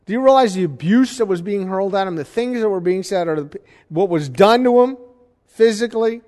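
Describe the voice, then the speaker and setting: A man's voice: sits high, expressive, brisk, darkish tone. A man preaching a Sunday sermon, teaching and questioning his congregation with emphasis. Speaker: pastor. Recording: long hall reverb.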